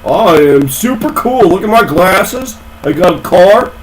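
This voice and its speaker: A man's voice: high-pitched, animated, unhurried, a little hiss or hum, rough recording. A man voicing a smug, skinny male dork who brags about his car and his glasses, in a mocking tone. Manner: boastful, mocking.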